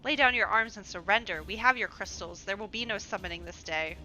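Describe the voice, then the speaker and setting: Bitter old kobold chieftain, bright commanding voice, read by a woman streamer. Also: medium pitch, fairly quick, soft background music, lightly acted, rough recording. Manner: commanding, declamatory. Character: stern old male kobold patriarch, bitter.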